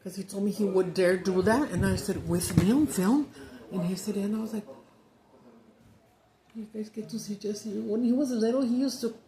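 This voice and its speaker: Chatty woman, gravelly voice. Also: medium pitch, steady tone, brisk, a crowd in the background, poor audio. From Mexican-American from the United States. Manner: chatty storyteller, switches between English and Spanish. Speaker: mukbang vlogger. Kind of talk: casual chat to camera.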